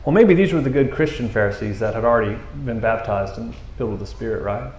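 Animated preacher man in an echoey room. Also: mid-range voice, fast. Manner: animated, jokey asides, quotes scripture. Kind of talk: conversational sermon.

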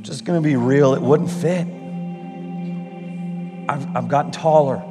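A man preaching a sermon as pastor, animated, breaking into playful mock exasperation and sudden exclamations. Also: on the high side, unhurried, in a large hall, music in the background.

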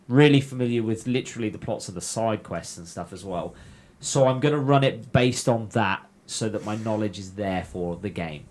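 A man's voice: mid-range voice, darkish tone. A man chatting casually on a podcast as the game master, rambling with frequent fillers and restarts.

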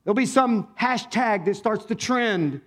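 Male pastor, fairly high voice, animated conversational sermon, keeps questioning the congregation. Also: unhurried. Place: church, speaking to a congregation.

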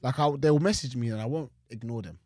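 A young man, chatting on a casual podcast and telling stories in an animated way, with his voice jumping up when he gets excited. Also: medium pitch, brisk, dry recording, studio quality. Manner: animated storytelling, voice jumps up in excitement. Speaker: guest co-host.

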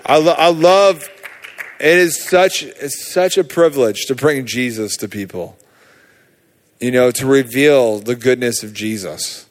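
A man preaching, telling a personal healing story in a casual, animated way with many fillers. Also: medium pitch, a little slow. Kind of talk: sermon testimony.

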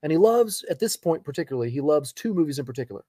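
A man in his thirties co-hosting a podcast, telling family stories in a casual, animated way and laughing along. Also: fairly high pitch, racing, no room sound. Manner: animated storyteller, laughs through his anecdotes. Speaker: podcast co-host. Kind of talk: casual chat.

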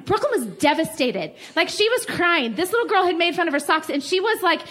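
Woman pastor, forties, high voice, animated storyteller, sermon. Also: brisk. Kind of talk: storytelling sermon to a women's gathering.

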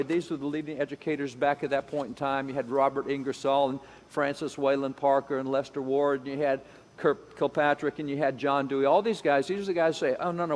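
A man giving an emphatic lecture-style talk, repeating phrases and acting out the voices he quotes. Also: fairly high pitch. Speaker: speaker on education history. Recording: long hall reverb.

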